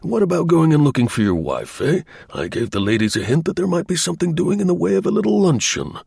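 A brisk, shrewd middle-aged gentleman talks bluntly and genially, as a male narrator plays him. His pitch moves a lot within a phrase, and his voice has a gravelly, husky texture. The sound is dry and close. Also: huge pitch swings, no room sound, exaggerated voice. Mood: cheerful.

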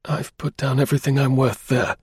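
A man's voice: mid-range voice, little pitch movement, brisk, slightly rough, dry recording, studio quality, pitched above the performer's own voice. A man voicing a shaken young husband who speaks in a strained, pleading way in an audiobook. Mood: desperate.

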